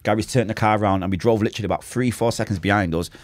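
A man with a Manchester accent tells his story as a podcast guest, rattling through it at high speed. His voice sits low, and the sound is dry and close with no room echo. He acts out quotes and gunshots and talks in street slang. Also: fairly even intonation, rapid-fire. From Manchester, England. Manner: street slang, swears oaths. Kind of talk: casual storytelling interview.

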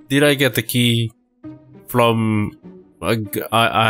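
A man's voice: on the low side, unhurried, fairly bright tone, faint music behind. A man casually commenting while he plays a game, muttering and swearing in loose reactions. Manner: laid-back, swears often, mutters reactions. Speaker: gaming channel host. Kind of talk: casual let's play commentary.

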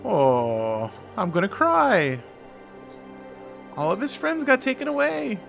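A man's voice: high-pitched, wildly swooping pitch, slow, gravelly, a bit bright. A man hosting a gaming channel, giving playful let's play commentary and chatting to the game characters. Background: game music.

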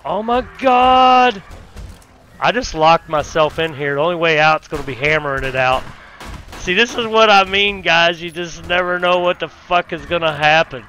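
A man giving casual let's play commentary while fighting a zombie horde, with loud cursing exclamations and folksy grammar. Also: fairly high pitch, moderate pace, slight background noise. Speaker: gaming YouTuber.

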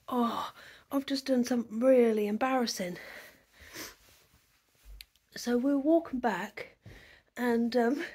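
A woman's voice: fairly high pitch, slow pace, pauses often, a little mellow, breathy edge. A woman chatting casually to camera in a vlog, self-deprecating and talkative. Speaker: vlogger. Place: outdoors and at home.

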